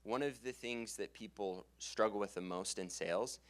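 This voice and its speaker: A fairly low-voiced young man runs a sales seminar in front of a live audience. He talks with energy, laughs easily and brings every sentence down at the end. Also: normal speed, dry recording. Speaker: sales trainer. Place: conference room with live audience. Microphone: handheld stage mic.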